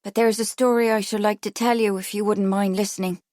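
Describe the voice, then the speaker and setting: A woman voicing a quiet, polite man asking to tell a story. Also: high voice, flat delivery, brisk, no echo, studio quality, close to an everyday voice.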